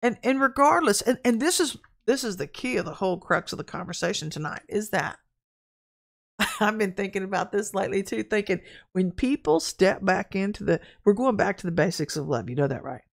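A woman preaching an informal online sermon, talking frankly and conversationally and telling lively stories from her own life. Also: mid-range voice, fairly quick, creaky. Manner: candid, conversational, animated storytelling. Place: at home, in front of a camera.

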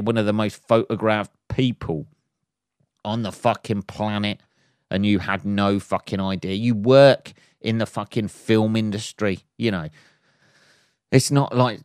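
With a smooth voice on the low side, a podcast host rants casually by himself, swearing, chuckling, and mocking with exaggerated voices. The studio-quality recording has no room sound.

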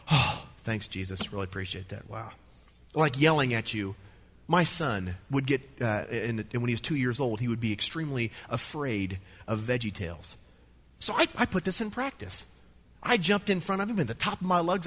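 A middle-aged man from the United States preaching a sermon, emphatic and animated, with playful asides. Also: on the high side, breathy edge. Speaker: pastor.

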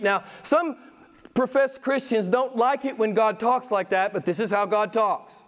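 A man preaching a sermon as pastor, emphatic and pressing questions on his listeners, with sudden excited rises. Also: high voice, moderate pace. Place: church.

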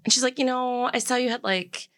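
A woman's voice: a little high, steady tone, a little fast, a bit bright. A woman in her forties telling a candid story in casual chat, acting out the lines of people in it. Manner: candid storyteller, acts out quoted dialogue. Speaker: guest.

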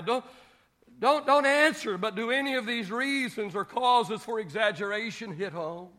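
High, bright-voiced male pastor preaching. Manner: animated preaching, acting out Bible scenes with humor. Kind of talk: sermon.

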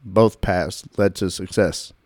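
A man's voice: deep voice, steady tone, slow pace, darkish tone, no echo. A man hosting a podcast, joking and laughing with his guests, often restarting his sentences. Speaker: podcast host. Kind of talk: casual podcast chat.

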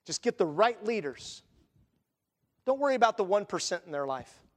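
A man's voice: sits high, sing-song, moderate pace, in a large hall. A man preaching a sermon as pastor, in a conversational style with asides and acted quotes.

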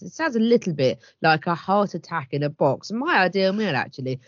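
A woman's voice: lowish voice, a little fast, hardly any pauses, no echo. Woman cohosting a podcast, wry and chatty, lo-fi dull sound. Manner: chatty, wry, lively delivery. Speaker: podcast co-host. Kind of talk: casual chat. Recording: dull lo-fi dry recording.

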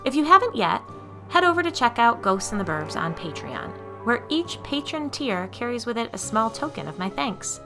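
A woman hosting a podcast, narrating a first-person story with expressive reading that drops low and soft for the tense parts. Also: moderate pace, vocal fry, over music.

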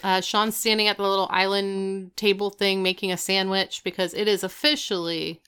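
A woman casually recapping a show, retelling scenes with quick quoted lines. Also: medium pitch, little pitch movement, pushed and bright, clean tone. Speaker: podcast co-host recapping a show. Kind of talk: casual chat.

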